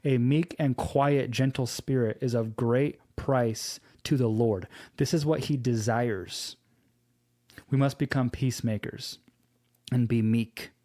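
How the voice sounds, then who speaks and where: Man, preacher, devotional teaching, slow earnest delivery, medium pitch. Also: warm tone. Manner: slow, earnest storytelling with scripture quotes. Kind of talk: devotional teaching with personal story.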